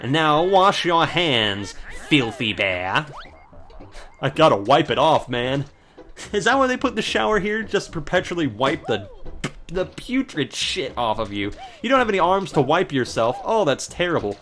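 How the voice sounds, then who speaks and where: A young man casually commentates a video game in a let's play, rambling through a sarcastic work story and swearing freely. His voice sits on the high side with big pitch swings, a moderate pace, and a slightly bright tone.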